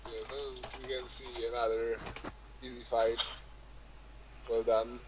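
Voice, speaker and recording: Man, co-commentator, slow-paced, teasing banter, faint background noise. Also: mid-range voice, completely flat delivery. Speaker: game commentator. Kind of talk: live game commentary.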